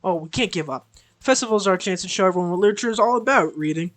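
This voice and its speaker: A streamer voicing a poised, upbeat teenage girl who leads a school club in a visual novel read-aloud, sounding bright and encouraging. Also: medium pitch, animated, very fast, lightly acted.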